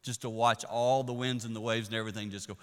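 A man preaching a sermon, telling the story in an animated way that swings from hushed to loud. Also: on the low side, fast, clear, resonant tone. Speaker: pastor. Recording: echoey hall.

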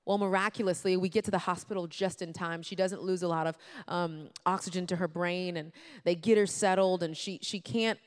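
A woman telling a personal story to an audience, lively and talking straight to her listeners. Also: fairly low pitch, fairly quick, clear, resonant tone. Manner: lively, acts out quotes, addresses listeners directly.

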